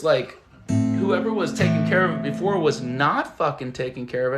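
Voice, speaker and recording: A man's voice: on the high side, expressive, normal speed, loud music behind the voice. A young man hosting a casual live stream from home, rambling loosely and swearing as he reads the chat aloud. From Southern California. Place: at home among plants. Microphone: phone.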